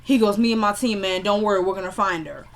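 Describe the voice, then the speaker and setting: A woman's voice: mid-range voice, quick pace. A young woman casually recapping a TV episode, chatty and opinionated, retelling scenes by quoting the characters. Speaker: TV episode reviewer.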